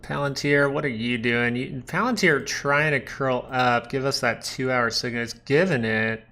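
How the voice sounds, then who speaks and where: A man's voice: mid-range voice, moderate pace, sharp tone. A man hosting a live stock market stream, chatting casually and joking with viewers between comments on the charts.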